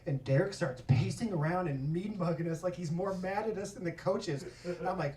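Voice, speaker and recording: A male stand-up comedian tells a story, swearing freely, and his pitch leaps up and down as he talks. The sound is roomy and distant, with a club audience laughing all around him. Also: fairly quick, crowd noise. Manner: profane, animated, breaks into laughter. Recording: echoey club miked from afar.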